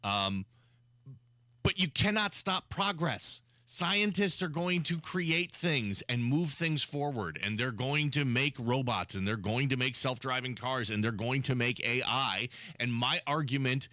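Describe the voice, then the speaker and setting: A man's voice: mid-range voice, lively intonation, measured pace, pushed and bright, no room sound, clean studio sound. A man hosting a talk radio show, chatting casually and often repeating words as he starts a sentence. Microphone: studio microphone.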